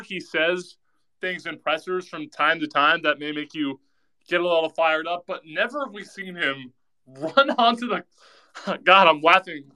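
Animated man with a crisp bright voice. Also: on the high side, low-quality recording. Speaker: participant. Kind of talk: casual chat.

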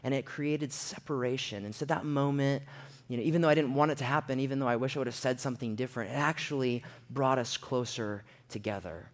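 A man's voice: medium pitch, fast. A young man telling a personal story in a sermon, acting out the quoted voices as he goes. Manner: animated storyteller, acts out quotes in a raised voice.

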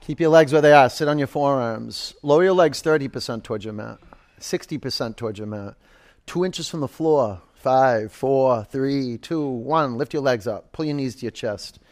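A man's voice: mid-range voice, moderate pace, a little mellow. A man in his forties teaching a live yoga class, giving cues and counts with chatty, joking asides. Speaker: yoga instructor.

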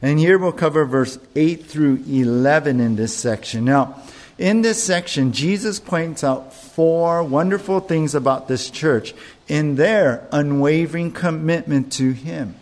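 A male pastor preaching a sermon, earnest and deliberate, with emphatic rises on key words. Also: on the high side, a little mellow.

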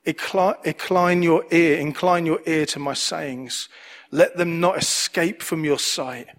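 Man, pastor preaching, earnest, repeats phrases, slightly high voice. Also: fairly even intonation, a little slow. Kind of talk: sermon.

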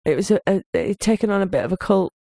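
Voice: mid-range voice, fast talker, warm tone, no echo. Co-host from Britain, emphatic and laughing, dry close recording. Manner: laughing, emphatic, repeats phrases. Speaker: podcast co-host. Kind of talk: casual chat.

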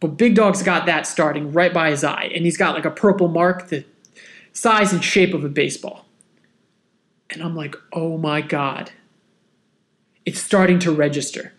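A man hosting a podcast, telling a personal story in a casual, animated, self-mocking way. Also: on the high side, moderate pace. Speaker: podcast host.

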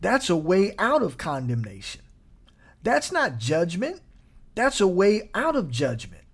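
A man pastor preaching a sermon in a lively, playful way, breaking into chuckles and quick asides. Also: high voice, slightly rough.

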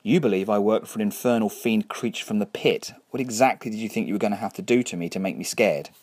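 A man's voice: on the low side, quick pace, a little mellow, lightly acted. A man voicing a wounded, weary man who speaks weakly with dry, sardonic humor.

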